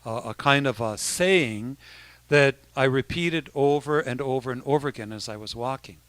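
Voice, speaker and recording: Bright-voiced bishop talking to youth. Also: male voice, mid-range voice, moderate pace, no echo. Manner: conversational, with many restarts and asides. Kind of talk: informal talk to youth.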